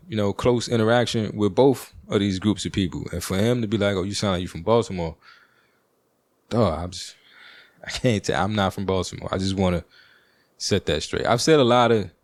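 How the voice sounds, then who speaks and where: A Washington, D.C. podcast host with a deep, low, slightly mellow voice delivers a casual storytelling monologue. He rambles loosely, using slang and many fillers, in a dry, close recording with no room sound.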